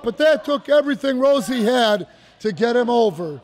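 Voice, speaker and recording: A man giving excited, folksy play-by-play commentary on a wrestling match, repeating phrases for emphasis. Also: very high voice, moderate pace. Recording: noisy live recording.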